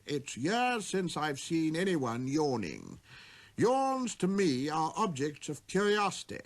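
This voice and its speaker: A man's voice: on the high side, very animated, slow pace, voice pushed up, full character voice. A fussy, self-important old king, as a storybook narrator puts him on, raised above his usual voice and swinging up and down as he commands. He stammers and splutters, then chuckles at his own orders. Everything he says is grand. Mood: flustered. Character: pompous, blustering old king, proud and fussy.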